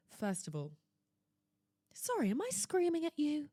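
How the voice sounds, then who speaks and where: A young woman hosts her own podcast and tells her story as a dramatic, sarcastic rant. Her voice sits fairly high and swoops all over the place as she exclaims. The sound is close and dry. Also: huge pitch swings, moderate pace, a little mellow, no echo. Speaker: podcast host. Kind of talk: casual solo podcast rant. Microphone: laptop setup at home.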